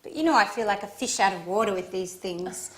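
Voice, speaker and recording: A woman's voice: mid-range voice, fairly quick, fairly bright tone, close to an everyday voice. An actress playing Alice, a young woman in love, in scripted dialogue for English learners. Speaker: actress in a teaching drama.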